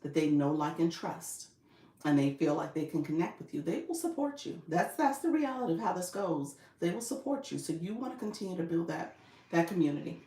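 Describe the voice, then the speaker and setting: A woman's voice: fairly low pitch, sing-song, a little fast, warm tone. Woman, live-stream coach, chatty, laughs often, echoey room. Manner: upbeat, laughs often, reads comments aloud. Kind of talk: casual live-stream chat with viewers.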